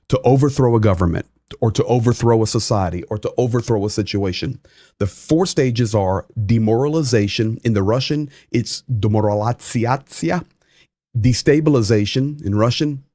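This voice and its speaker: A man's voice: mid-range voice, normal speed, dark tone, no echo, studio quality. A man hosting a casual livestream, chatting and reading viewer comments aloud with emphasis. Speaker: livestream host.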